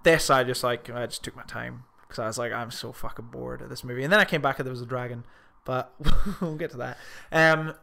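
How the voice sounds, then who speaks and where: A man chatting casually, animated and sweary as he rants about a film. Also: mid-range voice, brisk, gravelly, few pauses. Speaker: film podcast co-host. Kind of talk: casual chat.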